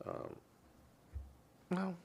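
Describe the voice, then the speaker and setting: A man's voice: drawn-out words, a little mellow, a little hiss or hum. A man giving opinionated political commentary as host, rambling and hesitant, often correcting himself.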